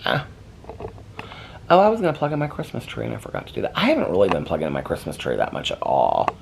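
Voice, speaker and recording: A man's voice: deep voice, wildly swooping pitch, racing, creaky, background noise. An American man vlogging at home in a rambling, chatty way, talking to his dog. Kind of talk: casual chat. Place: home, indoors. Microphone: camera.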